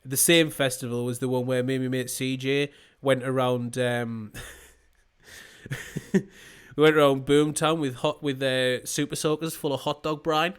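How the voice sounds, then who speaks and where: A man's voice: mid-range voice, steady tone, a little slow, clean tone. A young man co-hosting a podcast, telling sweary, laughing stories in casual chat. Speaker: podcast co-host.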